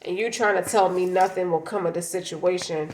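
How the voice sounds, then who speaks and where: A woman's voice: fairly low pitch, brisk, echoey room, slight background noise. A woman giving a casual, blunt tarot reading, swearing freely and sometimes speaking as the listener's partner. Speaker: tarot reader.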